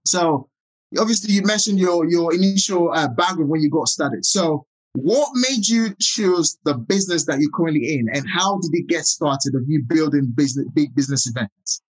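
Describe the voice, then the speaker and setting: A man's voice: a little high, animated, moderate pace, slightly rough, low-quality recording. A man with a Nigerian accent interviewing a guest, effusive and grateful, talking in long run-on sentences full of fillers. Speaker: interviewer, business owner. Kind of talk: casual interview.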